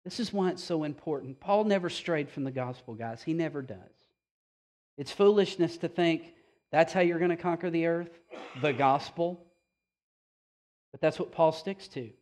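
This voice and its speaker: A man preaching a sermon as pastor, with casual asides and rhetorical questions, swinging from loud emphasis to slow, quiet passages. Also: on the high side.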